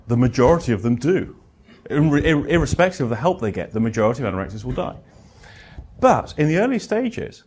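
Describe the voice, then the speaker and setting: A British man with a husky, medium-pitched voice presents a live lecture to therapists. He is animated, acting out conversations with clients and adding dry humor.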